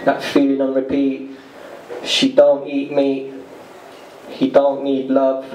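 Deadpan male spoken word poet, slow. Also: mid-range voice, lo-fi sound. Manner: deadpan, rhythmic storytelling. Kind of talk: spoken word poetry performance. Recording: echoey live room, distant mic, noisy.

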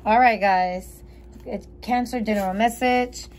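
A woman's voice: on the high side, steady tone, a little slow, a little mellow, a little hiss or hum. Chatty woman reading tarot cards. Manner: chatty, thinking aloud, giggly. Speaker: tarot reader.

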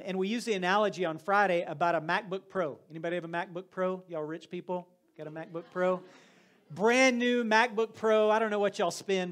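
A man preaching a sermon in a conversational, folksy way, speaking to a live audience. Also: high voice. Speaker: campus ministry preacher.

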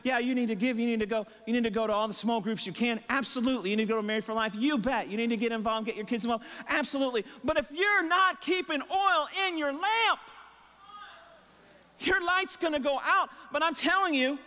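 Preaching in a church sanctuary with a long reverb tail, this male pastor has an extremely high, bright, forceful voice and a brisk delivery. His impassioned sermon is full of emphatic repetition and rhetorical questions, and he sounds slightly strained, pausing to catch his breath.

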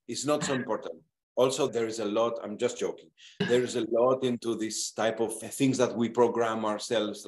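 A man's voice: lowish voice, steady tone, normal speed. A man leading a therapy session, speaking directly and animatedly, swearing now and then for emphasis. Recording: echoey room.

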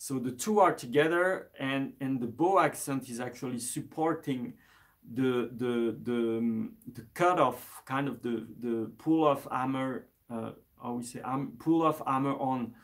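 A man teaching an instrument lesson on a live stream, speaking in a relaxed, hesitant way with many fillers and restarts. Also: mid-range voice, unhurried. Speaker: music teacher.

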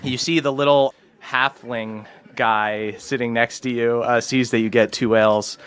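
A man's voice: mid-range voice, steady tone, unhurried, a bit bright, clear, resonant tone. A man narrating a tabletop game as game master in a casual, laughing manner.

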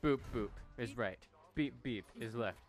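A man's voice: mid-range voice, unhurried. A young man hosting a VR gameplay video, playful and jokey, laughing often as he talks. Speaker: gaming YouTuber host. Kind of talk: excited gameplay commentary. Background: background music.

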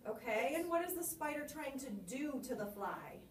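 A woman's voice: high voice, lively intonation, moderate pace, roomy sound, far from the mic, slight background noise. A woman teacher coaching a student on reciting a poem, encouraging and asking guiding questions.

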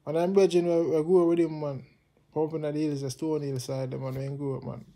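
A man's voice: on the high side, flat delivery, fairly quick, mellow. A Jamaican man from Jamaica, hosting his own channel, ranting casually and passionately in heavy patois, repeating himself. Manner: impassioned, repetitive, patois-heavy. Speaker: channel host. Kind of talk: casual political rant to camera.

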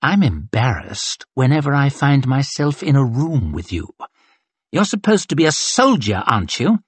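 Man playing a sneering officer, lively pitch, breathy edge, commanding. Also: moderate pace, no echo. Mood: mocking. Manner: mocking, commanding. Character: vain, cruel, seductive male colonel.

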